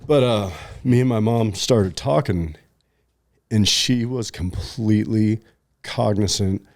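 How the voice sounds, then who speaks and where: Deep, mellow-voiced man telling a story. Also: slow, no echo, clean studio sound. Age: middle-aged. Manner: rambling, many fillers and restarts. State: choked up. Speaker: podcast co-host. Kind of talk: casual storytelling chat.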